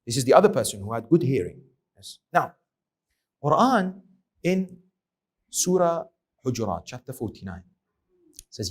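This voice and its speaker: A man's voice: medium pitch, sing-song, normal speed, long pauses, slightly rough. A man preaching an Islamic lecture, reciting Arabic verses and often checking in with rhetorical questions to his listeners. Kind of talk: religious lecture.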